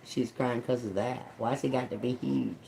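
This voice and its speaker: A woman's voice: a bass voice, fairly even intonation, normal speed, creaky, heavy background noise. A woman streaming live as a psychic reader, muttering single words over and over, puzzled and swearing at what she hears. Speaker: tarot and oracle live streamer.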